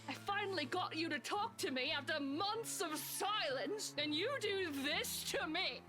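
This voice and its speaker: A woman's voice: animated, a little slow, over music. An actress playing a bitter, desperate pregnant young mistress who accuses her lover in a game. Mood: furious. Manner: accusing, shrill.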